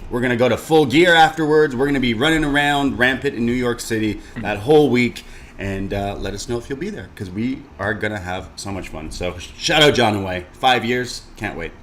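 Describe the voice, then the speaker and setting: Excitable man co-hosting a podcast. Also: medium pitch, fairly quick, a little hiss or hum. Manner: excitable, joking, rambling. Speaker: co-host. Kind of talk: wrestling review podcast.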